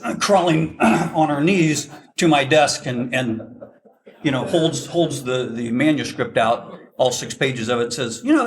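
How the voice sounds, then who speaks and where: An older man, a veteran forward air controller, telling a self-deprecating story to an audience and acting out the dialogue. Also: mid-range voice. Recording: voice from a distance.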